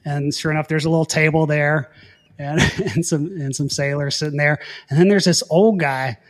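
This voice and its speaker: A man, a former Air Force pilot, casually telling a story in an interview, animated, often laughing and restarting his sentences. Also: a little high, moderate pace. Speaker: guest.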